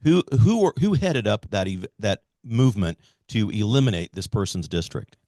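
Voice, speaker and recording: A man's voice: fairly low pitch, very animated, moderate pace, mellow, no echo, clean studio sound. An American man hosting an interview, making emphatic campaign-style declarations. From United States. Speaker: host and candidate for governor.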